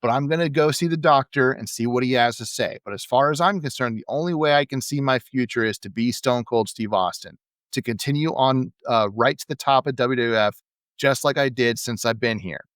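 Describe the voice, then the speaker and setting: A man reading out the lines of a gruff, defiant male wrestler, blunt, combative and full of curses. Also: medium pitch, fairly quick, a bit bright, no room sound, close to an everyday voice.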